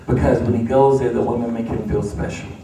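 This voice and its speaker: A man's voice: medium pitch, steady tone, brisk, dark tone, slight background noise. A man preaching a sermon as pastor, building to emphatic repeated refrains in a church sanctuary. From United States. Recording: echoey church, distant mic.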